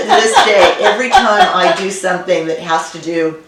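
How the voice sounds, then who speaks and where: Low-voiced woman telling stories. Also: brisk, hardly any pauses. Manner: warm storytelling, reminiscent. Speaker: winemaker guest. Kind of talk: conversational interview. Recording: roomy, distant, faint noise.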